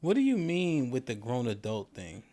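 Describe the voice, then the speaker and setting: A man hosting a podcast discussion, asking probing questions with halting restarts. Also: medium pitch, huge pitch swings, dark tone. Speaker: podcast host. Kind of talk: casual discussion.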